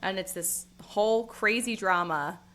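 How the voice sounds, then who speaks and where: A woman's voice: mid-range voice, measured pace. A woman co-hosting a book club podcast, talking casually and emphatically about a novel. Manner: expressive, emphatic.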